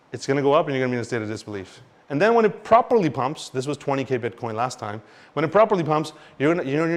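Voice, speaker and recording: A man teaching about crypto market cycles in an animated, expressive way, swinging between loud and quiet and mimicking panicked investors. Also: mid-range voice. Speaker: crypto educator. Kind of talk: explanatory talk to camera.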